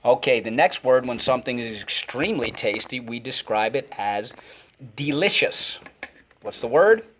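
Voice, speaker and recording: A man's voice: mid-range voice, moderate pace, fairly bright tone, a little hiss or hum. A man teaching a phonics lesson to children, energetically calling out words and repeating them for the class to echo.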